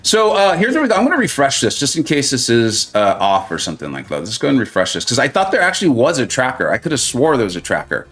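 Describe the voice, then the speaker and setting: A man's voice: mid-range voice, wildly swooping pitch, fast talker, hardly any pauses, fairly bright tone. A man hosting a live mobile-game stream, chatting and joking with viewers, reading their comments aloud and laughing often.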